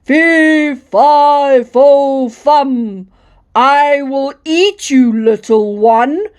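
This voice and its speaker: A woman voicing a huge, menacing male giant in a storybook reading, chanting slowly and loudly. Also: sits high. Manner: slow, loud, menacing chant.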